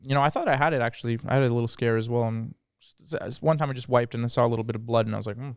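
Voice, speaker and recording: A young man co-hosting a podcast, telling stories in a lively, slangy casual chat. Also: medium pitch, rapid-fire, clear, resonant tone, dry recording, studio quality. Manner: animated storytelling, slangy. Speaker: podcast co-host.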